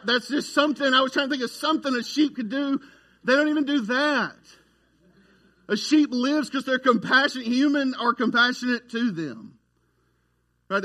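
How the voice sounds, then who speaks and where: A man's voice: high-pitched, pushed and bright. A man preaching a casual, folksy sermon as a pastor, often asking "right?" and addressing the crowd as y'all.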